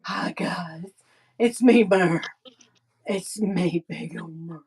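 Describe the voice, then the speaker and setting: A woman's voice: fairly low pitch, slow, a little mellow, slightly rough, pitched below the performer's own voice, full character voice. A woman voicing her pet dog, who greets live-stream viewers in a sassy, drawling way.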